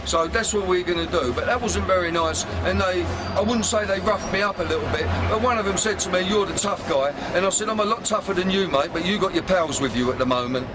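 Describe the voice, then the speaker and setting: A man's voice: high voice, fast talker, hardly any pauses, very noisy. A man, a filmmaker talking to camera outdoors on city streets, blunt and sweary, bantering with passers-by. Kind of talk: street vlog to camera, recounting events. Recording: loud music over street recording.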